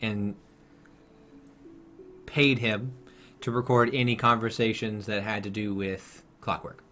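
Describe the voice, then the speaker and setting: A man narrating as game master of a tabletop game, halting as he thinks aloud. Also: on the low side, little pitch movement, sharp tone.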